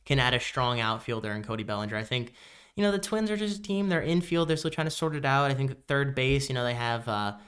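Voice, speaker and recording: With a clean, mid-range voice and a fast delivery, this young man co-hosts a podcast, relaxed and rambling with fillers in casual baseball talk. He has the hiccups the whole time.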